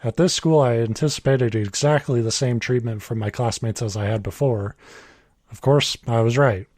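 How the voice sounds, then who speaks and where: A man in his early thirties reads a story aloud in a casual podcast setting, stopping now and then to chuckle and correct his reading. His voice is mid-pitched and sits close to the mic with a dry, dead sound. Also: moderate pace, a little mellow, no echo.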